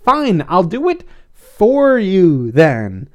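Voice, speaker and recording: A stubborn, cheeky male pigeon, as a man puts him on in a storybook reading. The voice is high and shrill and lands loudly. He answers back in quick, pushy lines. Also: wildly swooping pitch, exaggerated voice.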